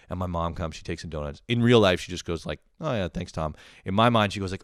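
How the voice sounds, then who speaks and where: A man's voice: deep voice, fast talker, fairly bright tone, clear, resonant tone, no echo, clean studio sound. A young man hosting a podcast, telling a profane comedic story and acting out family members in shifting voices. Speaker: podcast host.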